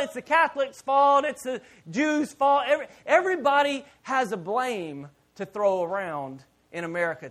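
A man preaching a sermon in church as pastor, animated and joking with the congregation. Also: very high-pitched.

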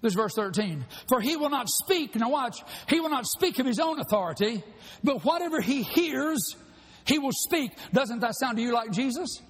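A man preaching a sermon, shouting at times and rushing through asides. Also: very high-pitched, expressive. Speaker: pastor. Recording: long hall reverb.

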